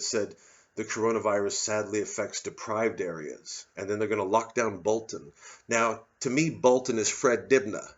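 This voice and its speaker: At a moderate pace and in a lowish voice, a male comic doing a solo show launches into a sardonic, angry monologue laced with profanity. The recording sounds lo-fi, a little dull and muffled.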